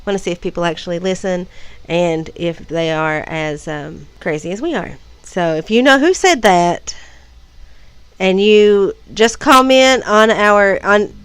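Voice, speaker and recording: A woman from Kentucky co-hosts a laid-back podcast, tossing in quick, playful asides. Her voice is smooth and clear, recorded dry and close with no room sound. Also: mid-range voice, dry recording. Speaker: podcast co-host. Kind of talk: casual chat.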